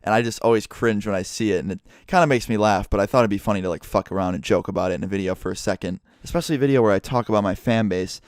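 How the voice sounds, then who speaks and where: Young man, casual rambling storyteller, lots of swearing, smooth resonant voice, dry close sound. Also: fairly low pitch, rapid-fire, hardly any pauses, dry recording. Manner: profane, rambling, heavy use of "like". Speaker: YouTuber.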